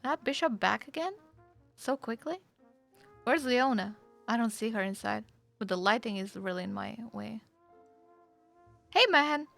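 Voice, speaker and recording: A chatty woman with a high voice, streaming a roleplay game and talking in a casual, excitable way. Her tone is bright and edged, with a gravelly catch underneath, heard close and dry through a headset mic. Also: a little slow, long pauses, faint music behind. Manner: chatty, excitable, swears freely, laughs often.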